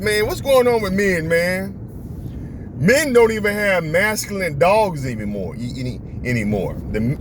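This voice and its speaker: Man from Florida, casual animated storyteller, lively higher voice, street noise. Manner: animated, acts out voices, laughs often. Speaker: vlogger. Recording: outdoor street and traffic noise.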